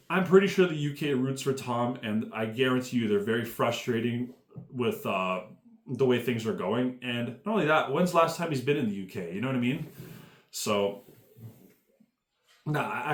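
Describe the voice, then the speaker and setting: A man's voice: mid-range voice, moderate pace, roomy sound. A man giving a casual, profane commentary rant, rambling and full of fillers. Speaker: MMA commentary YouTuber.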